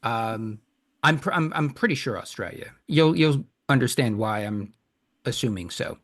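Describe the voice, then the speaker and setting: A man with an average-pitched voice hosts a casual podcast. He chuckles often and pokes fun at himself. He stumbles and restarts as he reads a listener's email aloud. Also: expressive, normal speed. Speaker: podcast host.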